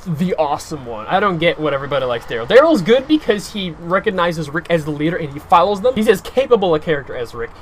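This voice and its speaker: A young man talks through a casual video review in a slightly high voice. He is animated and opinionated, piling on filler words as he jumps between points. Faint background noise sits behind him. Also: quick pace, few pauses.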